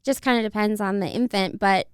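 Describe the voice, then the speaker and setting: A woman's voice: medium pitch, fairly quick, clear, resonant tone, no echo, studio quality. A young woman, a family photographer, chatting in an interview, fond and laughing often as she talks about children. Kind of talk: casual interview chat.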